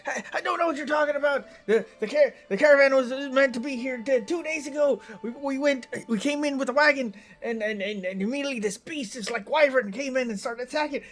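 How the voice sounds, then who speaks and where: A man's voice: very high-pitched, a little fast, hardly any pauses, pitched above the performer's own voice. A man voicing a frightened young male captive who pleads in a stammering rush. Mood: pleading.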